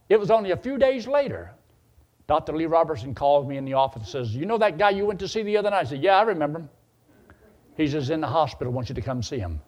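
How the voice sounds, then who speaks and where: A man's voice: mid-range voice, darkish tone, slightly rough. An older man telling a story in a sermon, folksy and acting out the voices he quotes. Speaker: preacher.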